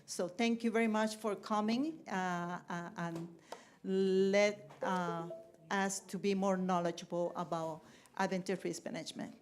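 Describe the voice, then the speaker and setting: A woman introduces a guest speaker at a church training, halting and full of fillers. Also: mid-range voice, steady tone, a little hiss or hum. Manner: halting, many fillers, non-native phrasing. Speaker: conference representative.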